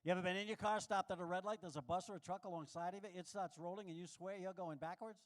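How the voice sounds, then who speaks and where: Male stand-up from New York, high voice, brash self-deprecating club comic. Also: fairly even intonation, fast talker. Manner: brash, self-mocking punchline delivery. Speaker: stand-up comedian. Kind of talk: stand-up comedy set. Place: live comedy showroom with audience.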